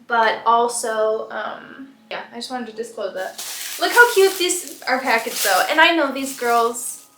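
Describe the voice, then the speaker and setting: A woman in her twenties doing a casual unboxing vlog, gushing and squealing with excitement. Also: fairly high pitch, a little slow, background noise. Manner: gushing, squealing excitedly, says "shut up" and "oh my God". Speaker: fashion vlogger. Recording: echoey room with faint background music.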